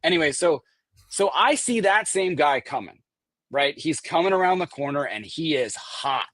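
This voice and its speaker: A man as a guest, telling a story in casual talk, animated and swearing, acting out the people he quotes. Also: on the high side, normal speed, dry recording. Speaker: guest recounting an event.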